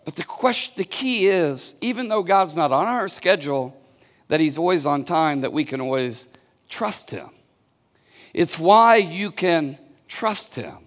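A man's voice: fairly high pitch, expressive, a little slow. A man preaching a sermon as pastor, telling a story and calling on the congregation to answer back, often restarting his words. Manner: storytelling with call-and-response to the congregation; many restarts and repeated words. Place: church hall. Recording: long reverb of a large hall.

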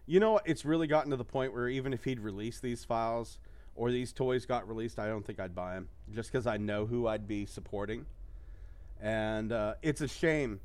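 A man hosting a casual podcast with a mid-pitched, ordinary voice. He rambles through his stories, laughs often and swears freely, keeping the chat loose and unpolished. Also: normal speed, a little mellow. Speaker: podcast host.

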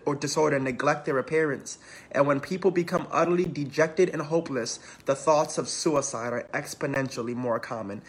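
A man preaching, reading scripture aloud and talking to the congregation in a conversational way. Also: a little high. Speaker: preacher and counselor in training.

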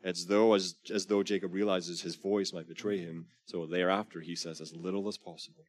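A man with a low voice preaches a sermon. He presses his listeners with earnest questions and reads scripture with rising, dramatic emphasis. The sound is dry and close, with no room echo. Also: flat delivery, a little fast. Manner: earnest exhortation. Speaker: pastor.

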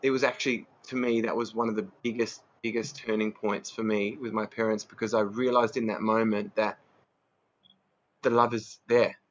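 Earnest low-voiced man, muffled. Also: little pitch movement, normal speed, a little hiss or hum. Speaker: guest. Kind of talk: candid personal storytelling. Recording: dull lo-fi sound.

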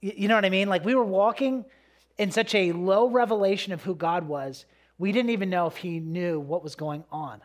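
Male pastor, high voice, casual conversational sermon style, lots of fillers. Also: moderate pace. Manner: casual, repeats words, many fillers. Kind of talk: conversational sermon with personal story.

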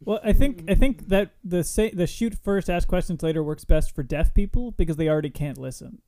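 Male guest, slightly high voice, stammers into dry one-liners. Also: a little fast, warm tone. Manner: stammering restarts, dry quips. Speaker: podcast guest. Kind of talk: casual joking chat.

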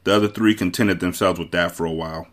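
A man hosting a book club podcast, reading a novel aloud with measured storytelling. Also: low-pitched, steady tone.

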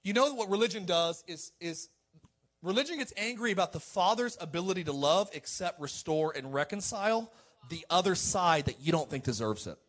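High-voiced animated male preacher. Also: brisk. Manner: animated, joking preaching with sudden shouted peaks and mocking quoted voices. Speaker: pastor. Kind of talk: sermon.

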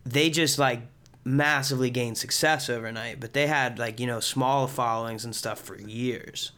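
Young man, podcast host, casual interview chat, upbeat, encouraging, smooth clear voice. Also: medium pitch, steady tone, moderate pace, pushed and bright. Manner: upbeat, encouraging, says dude a lot.

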